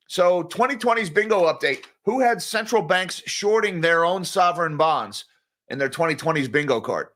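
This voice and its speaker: A man's voice: on the high side, lively intonation, normal speed, a bit bright. Blunt man talking markets. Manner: blunt, conversational, addresses viewers as guys. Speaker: market commentary host. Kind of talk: casual market news commentary.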